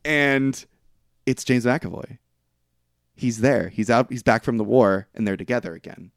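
A man's voice: unhurried, dry recording, clean studio sound. A young man co-hosting a podcast, casually recapping a film plot and acting out the characters' lines with jumps in his voice. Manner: rambling, acts out quotes with pitch jumps. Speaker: podcast co-host. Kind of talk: casual movie recap chat.

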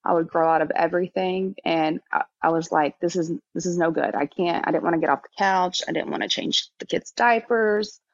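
A woman in her thirties speaks in a candid interview conversation, her voice sitting a little low. She talks haltingly, full of fillers and restarts. The sound is dry and slightly dull, like remote call audio. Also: no room sound. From Texas. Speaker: podcast guest.

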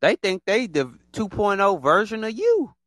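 A man hosts a casual, rambling monologue. His voice sits a little high and swings widely as he repeats phrases and mimics other people. The sound is dry and close, with no room echo. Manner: animated, repetitive, acts out other people in quick put-on voices. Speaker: podcast host.

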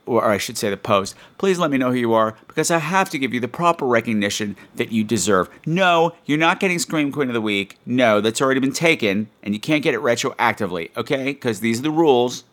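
A man hosts his own podcast solo, chatting casually in a campy, teasing way and scolding his listeners with mock sternness. His medium-pitched voice is animated and brisk, a bit bright, with few pauses.

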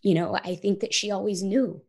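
A woman's voice: mid-range voice, steady tone, moderate pace, a little mellow, breathy edge. A woman in her thirties, an interview guest telling a personal story in an earnest, reflective way, often saying "like" and "you know".

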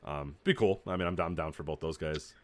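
Fast-talking man in casual chat. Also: very deep voice. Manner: rambling, loose, swears casually. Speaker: podcast co-host.

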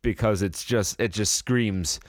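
A man's voice: on the low side, measured pace, no room sound, studio quality. A man co-hosting a podcast in casual chat, rambling and sarcastic, swearing freely. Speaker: podcast co-host.

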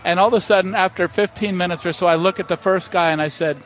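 A man's voice: high voice, quick pace. A man, a master distiller, telling stories in an interview at an outdoor festival, acting out the voices of people in his anecdotes. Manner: animated storyteller, acts out voices. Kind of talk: storytelling interview.

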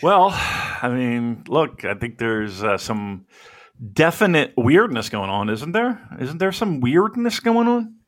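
A man's voice: mid-range voice, sing-song, slow. A man co-hosting a casual comedy podcast, rambling, swearing freely and laughing at his own jokes. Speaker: podcast co-host.

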